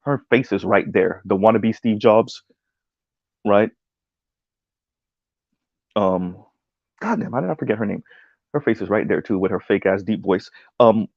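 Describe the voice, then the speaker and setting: Low, gravelly male streamer: loose, rambling talk, reads chat aloud, full of "um" and "right?", on a dull lo-fi mic. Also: measured pace, pauses often, dry recording. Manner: rambling, many "um"s and "right?" tags. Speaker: streamer reacting to a video essay. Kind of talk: casual livestream commentary, reading chat.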